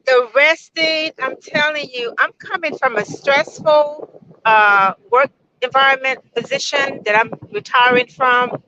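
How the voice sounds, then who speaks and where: A woman's voice: high voice, a little slow, background noise. A woman in her sixties, a guest nearing retirement, speaks enthusiastically and emphatically about her visit. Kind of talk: casual testimonial. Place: outdoors on a beach. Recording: dull lo-fi outdoor recording.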